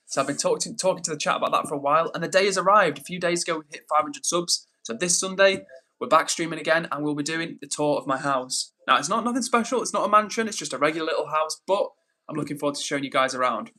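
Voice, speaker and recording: A man's voice: on the high side, bright, forceful tone. A young Englishman hosting a live stream, reading out viewer comments and greeting each person by name in a friendly, casual way. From England.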